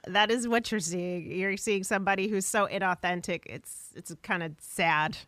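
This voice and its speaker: A woman with a mid-range voice co-hosts a talk radio show and asks a guest questions in a measured way. Her close studio mic sounds completely dry. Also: medium pitch, fairly bright tone, dry recording. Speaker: radio co-host.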